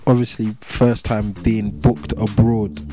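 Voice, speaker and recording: Music runs under this recording of a young man from England, a rapper chatting informally in an interview. His voice is lowish with little pitch movement, and he takes it slowly, repeating himself easily in a London street accent full of slang.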